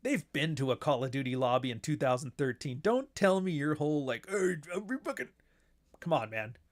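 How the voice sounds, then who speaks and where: A man's voice: medium pitch, a little fast. A man hosting his own show in a casual monologue, blunt and profane, who now and then mocks others in put-on voices. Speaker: show host.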